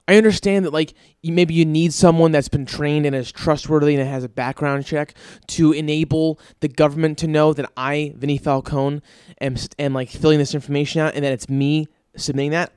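A young man hosts his podcast in a profane, exasperated rant. His voice sits a little high. The sound is dry and close, with no room around it. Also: lively intonation, a little fast, a little mellow, no echo. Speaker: podcast host. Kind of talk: ranting comedic monologue.

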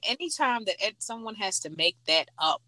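A young adult woman in casual chat, telling stories bluntly and laughing loudly. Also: medium pitch, lively intonation, moderate pace, no echo.

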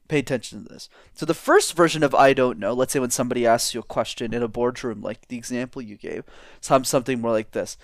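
A brisk man with a medium-pitched voice, heard in studio-quality audio free of room sound. As a guest in an energetic interview, he teaches public speaking and animatedly demonstrates vocal tones by swinging his tone up and down.

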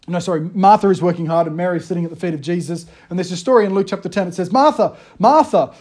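A man, preaching a casual, conversational sermon with self-deprecating, animated storytelling. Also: high voice, racing. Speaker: pastor.

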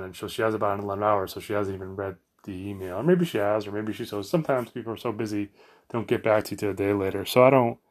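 A middle-aged man chatting casually on a live stream from his phone, meandering and correcting himself with lots of fillers. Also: on the low side. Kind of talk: rambling casual monologue.

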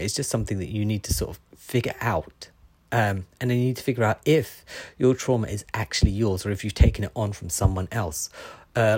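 A man with a low, husky voice hosts a daily oracle card reading. He reads the card's message at an unhurried pace, then drifts into loose, musing commentary full of ums and asides. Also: a little mellow, no echo.

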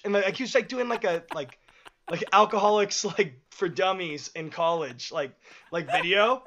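Young guy, high voice, rambling casual storyteller full of fillers. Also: moderate pace, sharp tone, highs cut off. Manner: rambling storyteller, many likes and laughs. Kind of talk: casual chat.

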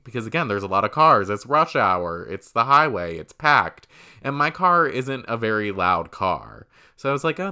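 A man's voice: fairly low pitch, bright, forceful tone, clear, resonant tone. A man telling a rambling personal story in a casual storytime, full of fillers and swearing.

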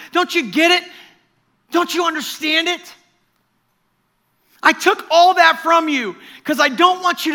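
A man's voice: very high voice, bright, forceful tone, voice pushed up, full character voice. A preacher voicing Jesus as an impassioned man insistently demanding back what he paid for. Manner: urgent, pleading, insistent. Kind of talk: acted sermon quote.

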